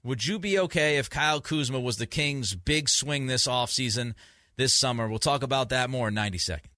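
A man's voice: mid-range voice, fairly quick, pushed and bright, no echo. A man hosting a sports talk radio show, emphatic and grumpy from too little sleep, often restarting his sentences. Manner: emphatic, repeats himself in restarts.

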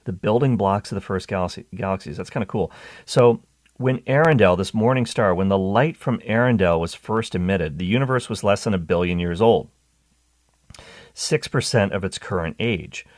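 A man hosting a Catholic radio talk show, talking with enthusiasm, restarting phrases and jumping in pitch on exciting points. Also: normal speed, dry recording, studio quality. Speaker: radio host.

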